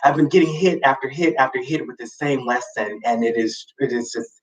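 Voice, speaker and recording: A man hosting a live show, telling a personal story in a casual, expressive way with sassy asides and sudden high swoops for emphasis. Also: brisk. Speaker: host. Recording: roomy, slightly distant mic.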